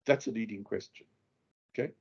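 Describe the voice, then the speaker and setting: In a muffled recording, a man with a fairly low, slightly rough voice and noticeable vocal fry talks at a fairly quick clip. He's teaching lawyers how to question witnesses, performing the example questions himself and leaning heavily on the important words.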